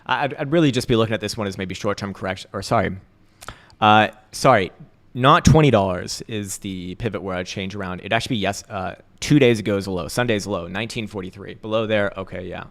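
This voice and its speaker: A man's voice: lowish voice, fast, a bit bright. A man hosting a crypto trading livestream, talking in a loose, casual way with profane, laughing asides.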